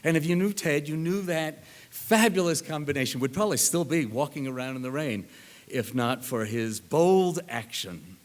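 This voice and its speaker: An older man speaking at a reunion, telling animated anecdotes and acting out the people in them. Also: fairly high pitch, normal speed. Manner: animated anecdote teller, acts out others' lines. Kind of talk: storytelling talk.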